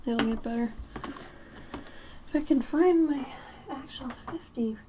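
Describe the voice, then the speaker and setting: A woman in her thirties from Minnesota with a light Minnesotan accent, chatting casually on an art livestream while she draws, sometimes murmuring softly as she works. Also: high voice, unhurried, background noise. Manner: chatty and laid-back, drifting into soft murmurs while working. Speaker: art streamer.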